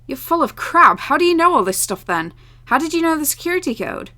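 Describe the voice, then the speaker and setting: A woman reading as a loud, insistent young woman. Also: fairly high pitch, expressive, moderate pace. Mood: demanding. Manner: loud, insistent, sharp questions. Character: angry young woman demanding answers.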